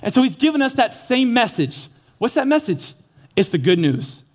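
Young male preacher, high voice, lively storyteller who acts out the dialogue. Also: moderate pace. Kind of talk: energetic sermon.

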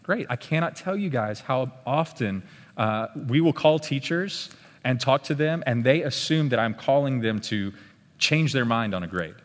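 A man giving a conversational live talk at a church parenting workshop, often checking in with his listeners with a quick "okay?". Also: medium pitch, animated. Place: meeting room with tables. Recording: long hall reverb in a big room.

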